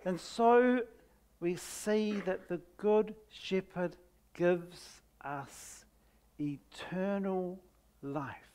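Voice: medium pitch, a little mellow. A preacher giving a sermon at a church service, reading scripture aloud with heavy stress on key words and letting each phrase fall nearly silent. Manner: slow, deliberate delivery that drops to near silence at phrase ends.

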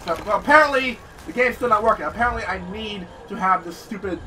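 A man giving excitable let's-play commentary, often yelling and cursing at the game he is playing. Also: high-pitched, quick pace, far from the mic, noisy background. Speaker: gaming channel host. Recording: voice a bit off-mic over game music.

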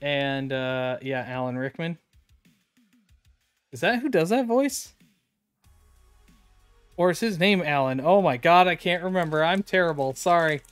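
A man's voice: on the high side, animated, measured pace, pauses often, clean tone, no echo, soft background music. A man streaming live, opening card packs and chatting casually with his viewers. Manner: chatty, reads card names aloud, talks to chat.

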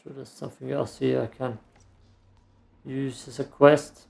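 A male gameplay streamer offers casual let's play commentary, making dry, self-mocking remarks as he plays a video game. His medium-pitched voice is flat and a little mellow, with vocal fry and a measured pace.

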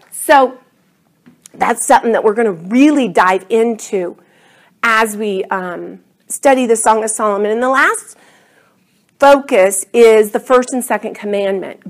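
A middle-aged woman teaching a class Bible study, earnest and enthusiastic, often drawing her words out. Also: fairly high pitch.

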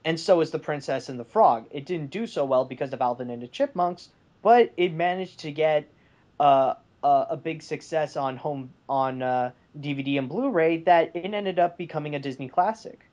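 A mid-pitched co-host on a movie podcast, rambling through a point with lots of ums and restarts. The delivery is casual and unscripted. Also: normal speed, darkish tone, dull audio. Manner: rambling with many fillers.

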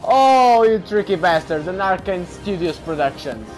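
A man giving excited let's play commentary while gaming, often calling his audience bro. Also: high-pitched, slow pace, music in the background. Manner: excitable, keeps saying bro. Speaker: gamer.

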